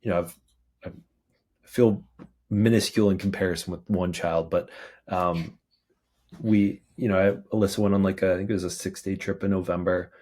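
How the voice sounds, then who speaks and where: Podcast host: man with a very deep voice, casual and hesitant, fills his pauses. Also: steady tone, a little mellow. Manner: hesitant, restarts and filler words. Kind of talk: casual interview chat.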